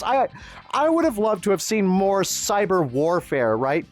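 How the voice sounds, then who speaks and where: A man's voice: high voice, very animated, normal speed. Guy ranting about a movie, swearing a ton, voice jumping all over, bit of music in the back. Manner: profane, exasperated ranting; sarcastic. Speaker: online film reviewer. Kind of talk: angry film review rant.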